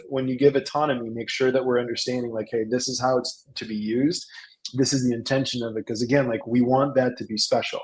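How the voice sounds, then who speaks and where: A man with a mid-range voice talks through a business lesson in a relaxed webinar conversation. He tells stories with animated, acted-out dialogue. He often repeats and restarts his words. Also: mid-range voice, low-quality recording. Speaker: salon business coach. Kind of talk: casual webinar talk.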